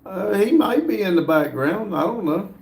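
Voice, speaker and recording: Gravelly man hosting a roomy live stream. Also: high voice, lively intonation, darkish tone. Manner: reads comments aloud with frequent "uh" pauses. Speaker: livestream host reading viewer chat. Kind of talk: casual live-stream chat.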